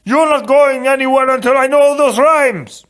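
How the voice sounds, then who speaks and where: A man voicing a huge, gentle, simple giant who pleads like a child, in an audiobook reading. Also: on the high side, lively intonation, a little slow. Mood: frantic pleading.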